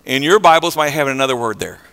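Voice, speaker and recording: A pastor preaching a conversational sermon, repeating words and swinging between soft and loud passages. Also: male voice, mid-range voice, expressive, fast, vocal fry, clear, resonant tone, long reverb tail.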